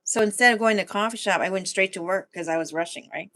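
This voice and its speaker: A woman's voice: mid-range voice, fast, pushed and bright, no echo. Chatty woman laughing through a live stream. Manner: chatty and rambling, laughs often; talks to viewers directly while sipping coffee. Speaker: food vlogger hosting a live chat. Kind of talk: casual live-stream chat.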